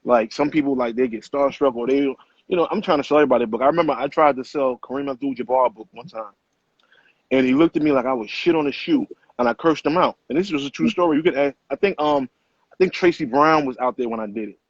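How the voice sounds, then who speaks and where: A middle-aged man, an author guest, telling stories in casual interview talk with animated street slang and plenty of cursing. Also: medium pitch, fast, dry recording. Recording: muffled lo-fi sound.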